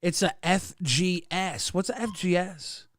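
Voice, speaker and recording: Teasing high-voiced male stream host. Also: a little slow, fairly bright tone, no room sound. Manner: teasing, reads chat messages aloud. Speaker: stream host reading chat. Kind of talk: casual live stream chat.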